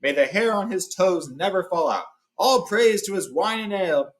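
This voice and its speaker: A man's voice: sits high, expressive, normal speed, voice pushed up, poor audio. A man reading as a stately dwarf leader. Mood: solemn. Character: proud, formal dwarf leader, male.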